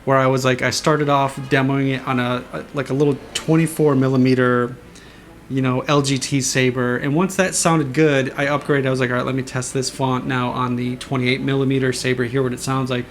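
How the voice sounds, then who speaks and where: A man casually explaining how he designed sound effects, eager and imitating whooshes and booms with his voice. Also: flat delivery, normal speed, a little hiss or hum. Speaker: saber sound font designer.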